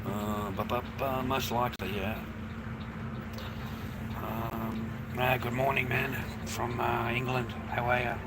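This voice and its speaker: A man's voice: mid-range voice, flat delivery, slow pace. A man with an Australian accent, streaming live, talking casually and rambling, swearing freely and calling everyone mate. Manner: rambling, swears a lot, says "mate" constantly. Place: outdoors in a city street and on a bus. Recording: loud street and traffic noise. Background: traffic and city ambience.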